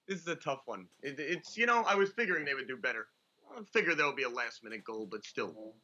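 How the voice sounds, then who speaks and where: A man calling into a live football stream, chatting casually in a relaxed, hopeful way. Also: medium pitch, fast talker, muffled recording. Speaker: caller on the stream. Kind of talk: casual chat.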